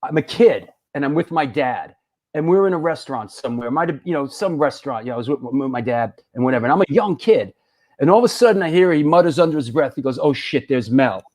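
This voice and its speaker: A man's voice: fairly high pitch, fast. A middle-aged man hosting a casual chat show, swapping anecdotes in a chatty way. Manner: chatty anecdote teller, lively. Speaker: host.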